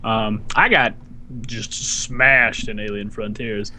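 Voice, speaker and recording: A man's voice: on the low side, takes it slowly, a little hiss or hum. A man co-hosting a casual gaming podcast, joking around and laughing often. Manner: jokey, laughs often, excitable. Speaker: podcast co-host. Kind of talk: casual chat.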